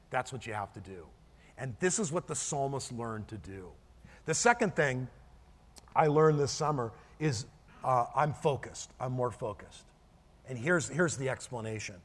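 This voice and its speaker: A man's voice: fairly high pitch, a bit bright, long reverb tail. A middle-aged man preaching a sermon as pastor, earnest and storytelling, often restarting and repeating words.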